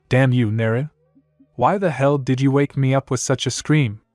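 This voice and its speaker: A man's voice: medium pitch, normal speed, a little mellow, dry recording. Male narrator, first-person fanfic, wry complaining tone, dry booth sound, faint music bed. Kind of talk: first-person fan fiction reading.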